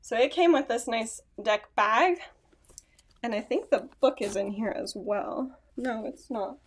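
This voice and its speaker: A woman's voice: a little high, a little slow. Chatty woman vlogging on a phone. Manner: chatty, rambling, self-correcting with small laughs. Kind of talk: casual chat to camera. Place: at home, indoors. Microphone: phone camera.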